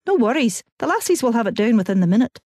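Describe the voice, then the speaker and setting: A wry, blokey young elf man dashing from trouble, his hurried lines rattled off quick and a touch raised, as a woman narrator puts him on. Dry and close, with no room around the voice. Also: a little high, big pitch swings, darkish tone, no echo, pitched above the performer's own voice. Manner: brisk, blokey, swearing under his breath.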